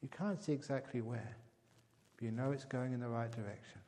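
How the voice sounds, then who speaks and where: A man giving a calm meditation talk, speaking gently and growing softer on key words. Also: mid-range voice, fairly quick. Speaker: meditation teacher. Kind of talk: dharma talk with a joke. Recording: long hall reverb.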